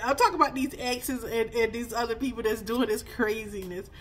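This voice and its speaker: A woman's voice: a little high, steady tone, brisk, breathy edge. A woman, giving a chatty spiritual reading full of laughs and sassy asides. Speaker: spiritual reader. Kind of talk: casual spiritual reading vlog.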